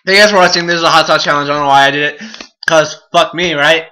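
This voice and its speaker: A man's voice: fairly even intonation, fast talker, pushed and bright. A young man vlogging a hot sauce challenge, swearing, groaning and laughing while in pain and teary. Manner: muttering low asides. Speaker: YouTuber. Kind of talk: casual vlog.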